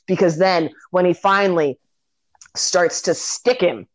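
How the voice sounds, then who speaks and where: A woman's voice: on the low side, a little slow, no room sound. A woman in casual conversation about a favorite movie, retelling scenes with energy and frequent swearing. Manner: animated, swears freely, acts out scenes.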